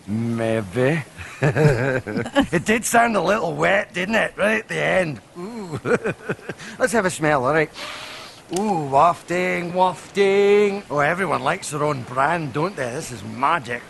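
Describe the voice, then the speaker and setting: An actor playing a crude, gross Scottish villain who savors his own stench, in a gravelly, relishing voice, in a film clip with music behind. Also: a little high, expressive, takes it slowly, a bit bright, a little hiss or hum, heavily acted. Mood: gleeful disgust.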